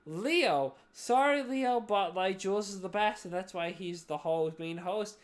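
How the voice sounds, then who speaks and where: A woman's voice: mid-range voice, unhurried. Drunk, rambling woman podcast host. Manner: rambling, repeatedly apologetic, swears a lot. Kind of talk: casual podcast chat.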